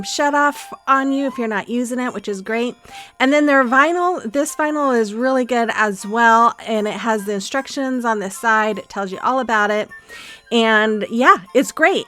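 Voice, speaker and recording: A woman's voice: fairly high pitch, a bit bright. A woman hosting a craft tutorial, talking casually with frequent ums as she explains each step. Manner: chatty, friendly, frequent ums. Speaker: craft channel host.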